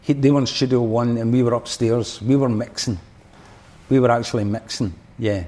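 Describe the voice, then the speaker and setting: A man's voice: medium pitch, steady tone, normal speed, dark tone. A man with a Scottish accent, a podcast guest and former drummer, telling a rambling story full of restarts and fillers. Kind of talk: casual storytelling.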